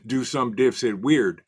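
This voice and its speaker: A man's voice: medium pitch, a bit bright, breathy edge. A man hosting a casual livestream, greeting viewers from the chat by name in a loose, way. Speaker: livestream host.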